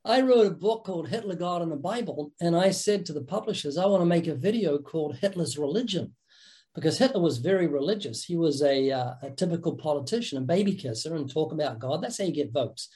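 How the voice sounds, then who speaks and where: High-voiced older man, joking storyteller. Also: expressive, brisk, warm tone. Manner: playful, joking, with vivid anecdotes. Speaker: podcast guest, evangelist. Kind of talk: animated storytelling conversation.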